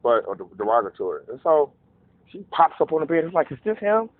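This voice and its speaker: A man telling a casual, profane story, animated and acting out voices in quotes. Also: mid-range voice, fast, no echo. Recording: narrow phone-like dry sound.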